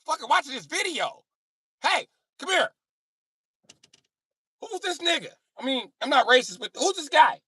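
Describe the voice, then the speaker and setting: A man voicing a loud, baffled old white male boss at a mechanic shop, shouting and blustering in a high strained voice. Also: lively intonation, moderate pace, pauses often, no room sound, clean studio sound, full character voice.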